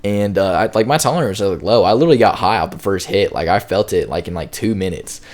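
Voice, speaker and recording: A man's voice: low voice, expressive, quick pace. A young man casually telling a long, rambling storytime, full of slang and filler words. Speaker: storytime YouTuber.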